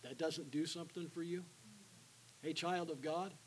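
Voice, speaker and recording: A man preaching an evangelistic sermon in a church, calling out to the congregation for responses and dropping to a hushed voice for the invitation. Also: fairly high pitch, fairly even intonation, moderate pace, a little hiss or hum, low-quality recording. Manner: call-and-response with the congregation, alternating loud and hushed. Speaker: guest preacher. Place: church sanctuary.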